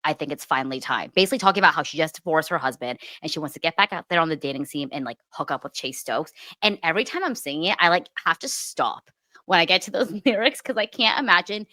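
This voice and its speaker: A young woman with a low-pitched voice co-hosts a gossip podcast, animated and quick to swear. Her voice is recorded close and dry, with no room sound. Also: no echo. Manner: animated, swears freely, breaks into laughs. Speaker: podcast co-host. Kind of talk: casual gossip chat.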